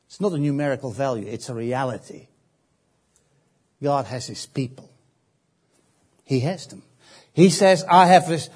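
Slow, husky-voiced male preacher. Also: a little high, a little mellow. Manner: slow, emphatic, with frequent repeats and pauses. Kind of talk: sermon.

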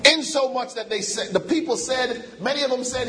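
A man's voice: very high-pitched, normal speed, hardly any pauses, noisy background. A man preaching a sermon, emphatic and repetitive, drawing call-and-response from the congregation.

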